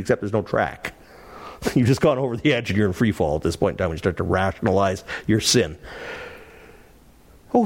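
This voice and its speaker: Man, Bible teacher, animated, frequent laughs, wide swinging pitch, mid-range voice. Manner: animated, laughs often, dramatizes quoted lines.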